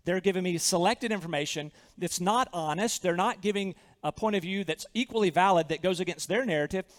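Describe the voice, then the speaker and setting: A Southern man delivers a sermon with a high, ringing voice. He preaches earnestly and with emphasis, doubling back on his phrases, and his words trail off into the long reverb of a big church hall. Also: brisk. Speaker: pastor.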